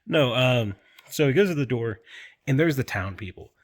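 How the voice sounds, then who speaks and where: A man's voice: medium pitch, animated, moderate pace. A young man who hosts videos, casually retelling a story in slangy, profane speech and acting out the characters. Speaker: video host.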